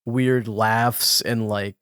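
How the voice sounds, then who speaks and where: A man's voice: lowish voice, fairly even intonation, very slow, a bit bright, clean tone, no room sound, clean studio sound. A man co-hosting a podcast, chatting casually, rambling with lots of "like" and laughing between thoughts. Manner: rambling, heavy "like" fillers, giggly. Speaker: podcast co-host. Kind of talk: casual chat.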